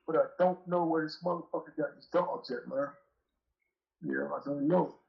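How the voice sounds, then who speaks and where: A man's voice: on the high side, fairly even intonation, normal speed, gravelly, muffled recording. A man calling in as a guest, telling a rambling story in casual, profane talk, sounding aggrieved. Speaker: call-in guest. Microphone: phone call.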